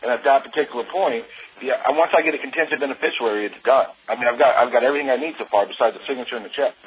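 Fast-talking man on lo-fi call audio. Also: mid-range voice, a little hiss or hum. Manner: animated, repeats "I mean" and "you know". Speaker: insurance agent. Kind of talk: casual call describing field work.

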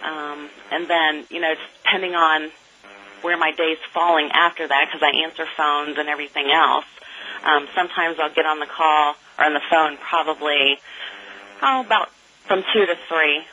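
A woman's voice: low voice, fairly even intonation, normal speed, bright, forceful tone, dull audio, slight background noise. A woman who sets appointments, talking casually about her work with many "um" and "you know" fillers. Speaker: appointment setter.

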